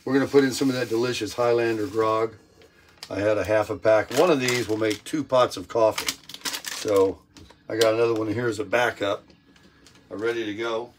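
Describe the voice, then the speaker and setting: An older man hosting a casual vlog while cooking in his camper, upbeat and self-amused, his voice a bit hoarse with frequent throat clearing. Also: fairly low pitch, fairly even intonation, brisk, noisy background. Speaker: vlog host. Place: camper kitchen. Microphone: phone on a selfie stick. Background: bacon frying.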